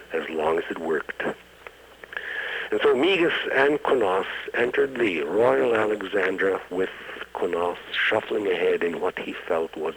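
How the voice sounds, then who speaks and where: A man telling a story in an interview, slow and halting, with many fillers. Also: sits low, fairly bright tone, slight background noise, low-quality recording. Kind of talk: oral-history storytelling.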